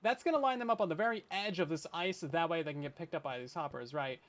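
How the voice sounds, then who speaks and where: Streaming a survival game from a hot bedroom, a young Canadian man chats with viewers through jokey, self-deprecating gameplay commentary. He speaks at a quick pace in a slightly high, fairly bright voice.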